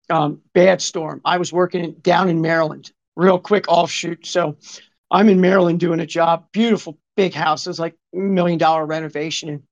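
Rambling, profane storyteller man in his fifties. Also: sits high. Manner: rambling and profane, many asides and reported speech. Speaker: guest telling a story. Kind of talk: casual conversational storytelling. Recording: dull lo-fi recording.

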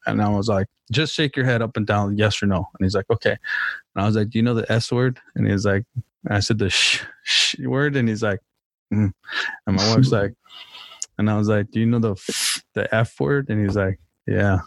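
A relaxed man chatting casually with a low-pitched voice, cursing freely as he tells family stories and acts out what everyone said. The recording is dry and close, with no room sound. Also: normal speed, creaky, dry recording. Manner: laid-back, swears freely, acts out quotes in storytelling. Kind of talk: casual chat.

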